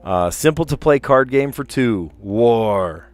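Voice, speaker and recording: A man's voice: mid-range voice, animated, takes it slowly, soft background music. A man hosting a casual livestream, reading puzzle clues aloud and drifting into chatty, amused asides. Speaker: livestream host solving word puzzles.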